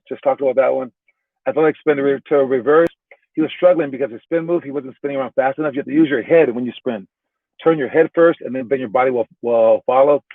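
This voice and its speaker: Chatty basketball coach with a tinny sound. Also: male voice, mid-range voice, dry recording. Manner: chatty, many fillers and restarts. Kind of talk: casual recap and storytelling.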